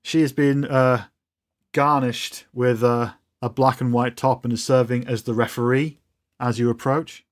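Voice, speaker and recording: A man's voice: mid-range voice, steady tone, unhurried. A man narrating a tabletop role-playing game as game master, describing scenes in a loose, storytelling way.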